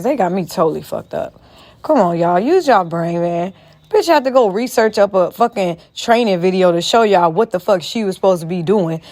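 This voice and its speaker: A woman's voice: lowish voice, a little mellow. A woman in a casual commentary vlog, talking straight to her viewers in a profane, emphatic rant. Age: adult, a mother. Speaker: vlogger.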